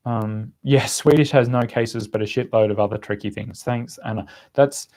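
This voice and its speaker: A man's voice: mid-range voice, steady tone, moderate pace, mellow. A young man hosting a casual live-stream chat, answering questions with lots of fillers and restarts. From Australia. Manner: rambling, many fillers and restarts. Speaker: language-learning channel host.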